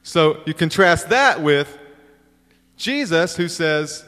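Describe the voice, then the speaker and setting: A man's voice: fairly high pitch, animated, slow pace, a bit bright. A middle-aged man preaching a sermon, telling stories with self-deprecating humor and acting out the quotes. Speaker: pastor. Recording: long reverb of a large hall.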